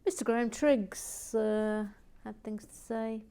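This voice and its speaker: Slow, sassy woman channel host. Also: on the high side, steady tone, smooth. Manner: playful, sassy and theatrical, with hushed asides. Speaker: host of a brick-building channel. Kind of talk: casual chat reading viewer messages.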